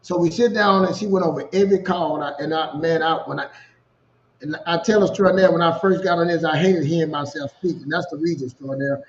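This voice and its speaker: A man with a Louisiana accent, a co-host telling a personal story in casual, animated talk. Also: a little high, fast, lo-fi sound, a little hiss or hum. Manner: animated storyteller, repeats "you know what I'm saying". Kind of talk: storytelling chat.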